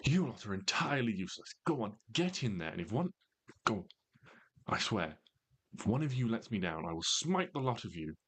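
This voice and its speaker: A commanding woman barks orders and threats at her underlings in a tabletop game, as a man puts her on. The voice sits a little higher than his own, loud and imperious. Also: very animated, moderate pace, breathy edge, heavily acted.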